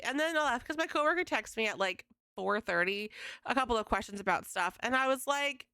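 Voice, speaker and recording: A young woman livestreaming from home, venting to her chat in a casual, exasperated rant with swearing and quick retellings of conversations. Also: a little high, animated, pushed and bright, smooth, no echo, clean studio sound. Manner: exasperated, swearing, quoting others in fast retelling. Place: home streaming setup.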